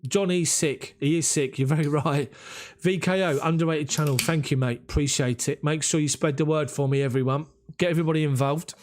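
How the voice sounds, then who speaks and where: A man's voice: on the high side, fairly even intonation, a little fast, darkish tone. A man with a London accent hosting a live football watch-along, chatting and thanking viewers by name as he reads their comments. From England. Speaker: football fan channel host.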